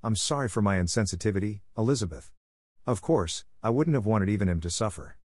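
A man reading as a blunt, booming Welsh painter. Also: lively intonation, fairly quick, a little mellow, no room sound, studio quality. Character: large gruff middle-aged Welsh painter.

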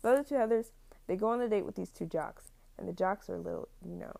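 A woman's voice: medium pitch, fast, vocal fry, warm tone. A young woman casually retelling a film plot, rambling with many fillers and frequent laughs.

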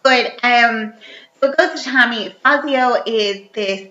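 A woman recaps a film in chatty, animated storytelling as a podcast co-host. Her voice is bright and fairly high. It is heard in an echoey room on a dull, lo-fi recording. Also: slow. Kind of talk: casual chat recapping a film.

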